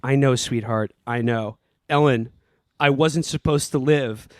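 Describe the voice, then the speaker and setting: A man's voice: medium pitch, measured pace, dry recording, clean studio sound, natural voice. A man reading out a terse soldier hero.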